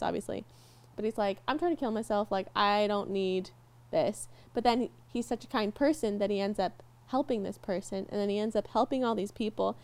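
A young woman co-hosting a podcast in easy, casual chat. Her voice sits fairly high, and she talks in an animated way, laughing readily and getting emotional as she tells a story. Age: young adult. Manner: animated, laughs easily, gets teary and emotional. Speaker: podcast co-host.

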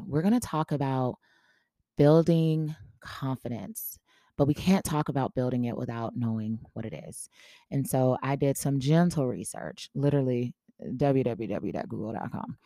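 Very low-voiced woman telling a story. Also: normal speed, dry recording, clean studio sound. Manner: animated storyteller, acts out quoted dialogue. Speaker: podcast host. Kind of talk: casual storytelling.

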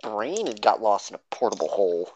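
A woman's voice: rumbling low, very animated, brisk, a little mellow, a little hiss or hum, rough recording. A woman playing a tabletop game, talking in character in a sarcastic, exasperated way. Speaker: player.

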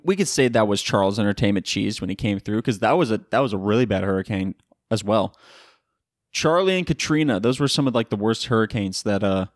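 A man's voice: on the low side, no echo, clean studio sound. A young man from Florida hosting a casual solo podcast from home, joking and swearing in slangy chat. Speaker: podcast host. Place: home room by a window in a hurricane.

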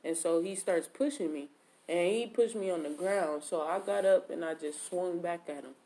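A woman's voice: on the low side, normal speed, dark tone. A woman casually telling a personal story, in slangy, profane talk full of "like" and reported speech. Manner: slangy, profane, lots of 'like' and quoted speech.

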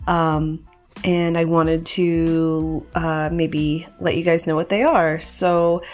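A woman's voice: deep voice, little pitch movement, slow, a little mellow, faint music behind. A woman hosting a podcast in casual chat, talking in a loose, chatty way with many fillers and restarts. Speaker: podcast host.

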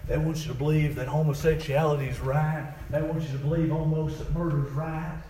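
A male preacher, delivering a rhythmic sermon that swings between soft passages and shouting. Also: on the high side, steady tone, brisk, echoey room, far from the mic, slight background noise, rough recording. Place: church.

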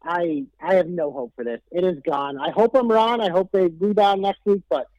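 A man with a high-pitched voice talks in a relaxed, candid way in casual podcast chat. His mic sounds muffled and lo-fi, and there is no room echo at all. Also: moderate pace. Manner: laid-back, candid, mildly profane. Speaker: podcast co-host. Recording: dull, dry lo-fi mic.

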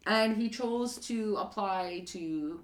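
A woman's voice: mid-range voice, slow. A woman, probably in her thirties, co-hosting a podcast and telling a dating story with many fillers and acted quotes. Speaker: podcast co-host. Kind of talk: casual chat.

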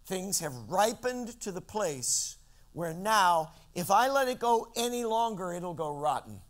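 Man, high-pitched voice, preaching a sermon, from Central California, dramatic rises and drops, asks listeners questions. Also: very animated. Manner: dramatic shifts in pitch and loudness, slows for emphasis; addresses listeners directly with questions. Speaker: pastor.

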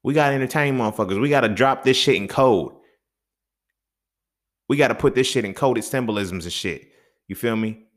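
A young man hosting a solo podcast, ranting with heavy profanity and swinging between loud outbursts and low mutters. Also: fairly quick, pauses often. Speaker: podcast host.

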